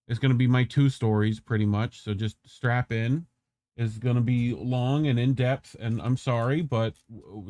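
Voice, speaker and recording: A man's voice: mid-range voice, dark tone, no echo. Chatty male stream co-host, dry sound. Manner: chatty, loose, with many fillers. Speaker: news show co-host. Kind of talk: casual commentary on a livestream.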